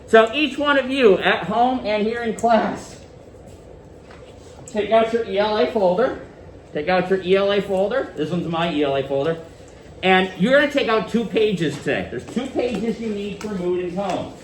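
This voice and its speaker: Animated male teacher in echoey classroom. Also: sits high, moderate pace, distant mic, slight background noise. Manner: animated, questioning students. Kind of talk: classroom lesson.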